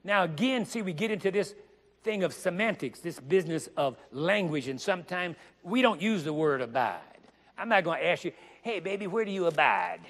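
A man's voice: high voice, lively intonation, a bit bright, a little hiss or hum. Man preaching a sermon in a reverberant hall. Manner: dramatic, drawn-out emphasis with joking asides.

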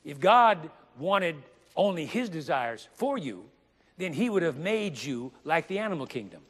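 A male preacher delivering a sermon, with dramatic, drawn-out emphasis and joking asides. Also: a little high, big pitch swings, a bit bright, in a large hall.

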